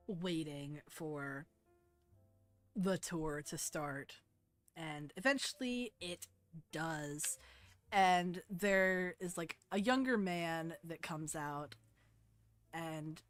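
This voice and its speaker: A woman's voice: fairly low pitch, very slow, long pauses, no echo, soft background music. A young woman narrating a tabletop game as game master, casual and rambling with lots of fillers.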